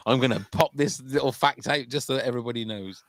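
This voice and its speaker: A man's voice: mid-range voice, fast talker, a bit bright, no room sound, clean studio sound. A man hosting a charity podcast livestream in casual, jokey chat, often tripping over his words. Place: home room during a livestream.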